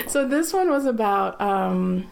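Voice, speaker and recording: A woman's voice: mid-range voice, very animated, takes it slowly, gravelly, background noise. A woman from the United States, hosting a podcast in a bubbly, gushing way and laughing easily. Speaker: podcast host. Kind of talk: casual interview chat.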